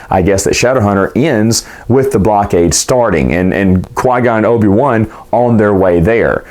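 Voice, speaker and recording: A man's voice: mid-range voice, a little mellow. Rambling man recapping a book. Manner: rambling, loose retelling with restarts and hedges. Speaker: book reviewer. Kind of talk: casual book recap vlog.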